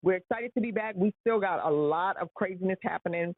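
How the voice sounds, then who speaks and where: A woman's voice: lowish voice, fairly quick, no room sound. A woman hosting a live stream, giving an earnest motivational talk and repeating rhetorical questions. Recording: tinny phone-like sound.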